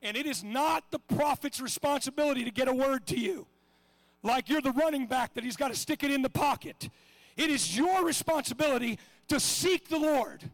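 A middle-aged man preaching a sermon with passion, swinging between shouts and hushed asides. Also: extremely high pitch, no room sound.

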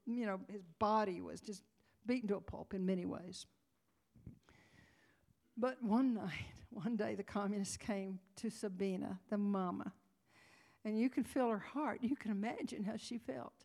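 At a conference, a woman preaches a sermon through a story told dramatically and near tears, dropping to whispers and rising to cries. Her voice is medium-pitched, creaky, and darkish in tone, and she speaks a little slowly.

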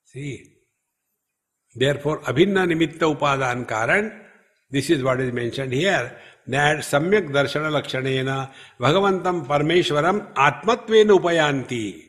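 A man giving a spiritual discourse at a retreat, speaking slowly and emphatically and chanting Sanskrit verses. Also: a little high, lively intonation, a bit bright. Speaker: spiritual teacher. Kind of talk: scriptural discourse. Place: retreat hall.

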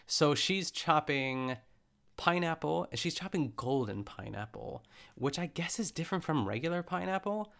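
A man's voice: fairly high pitch, animated, normal speed, gravelly, fairly bright tone. A young man casually recapping a cooking show, rambling and correcting himself with lots of fillers. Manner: rambling, chatty, self-correcting with frequent fillers. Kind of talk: casual chat.

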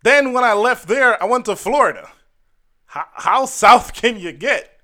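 A Jamaican vlogger tells personal stories to camera, casual, earnest and wry, acting out the people in them. His voice is very high and sharp. He is animated but unhurried.

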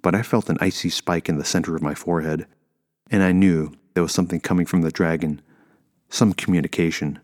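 Man, deep low voice, measured first-person audiobook narration. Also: fairly even intonation, darkish tone.

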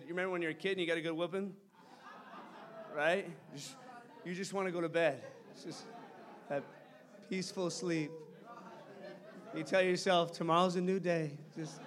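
High-voiced animated male preacher. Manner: animated storytelling, shifting from loud to hushed. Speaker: pastor. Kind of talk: sermon. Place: church.

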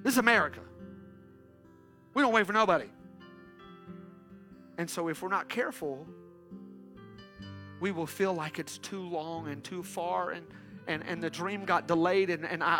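A man's voice: high voice, unhurried, pauses often, pushed and bright, faint music behind. A man pastor preaching a sermon in an urgent call-and-response style, often pressing his listeners with "come on.".

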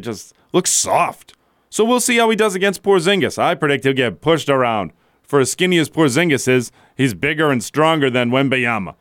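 A man's voice: a little high, fairly bright tone, no echo, studio quality. A man hosting a sports talk radio show, delivering a blunt, opinionated monologue and chuckling as he goes. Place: radio studio.

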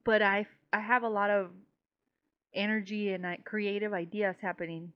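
A woman's voice: medium pitch, little pitch movement, moderate pace, smooth. A woman co-hosting a casual podcast, rambling and swearing freely, laughing often, a little tipsy. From Mexico. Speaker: podcast co-host. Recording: slightly dull lo-fi sound.

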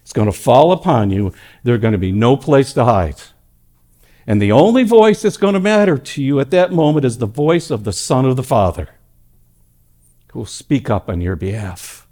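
A male pastor preaching a sermon at a church service, telling stories with animated delivery that swings between loud emphatic lines and hushed ones. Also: mid-range voice, moderate pace.

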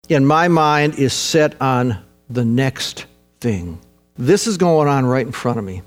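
A man preaching a sermon, earnest and urgent at times, then soft and reflective. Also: medium pitch. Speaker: pastor.

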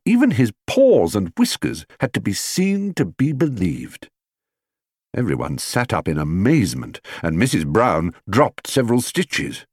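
Man narrating with wide expressive pitch. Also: measured pace, slightly rough, dry recording, studio quality. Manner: expressive, lively storytelling. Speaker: audiobook reader. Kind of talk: scripted narration.

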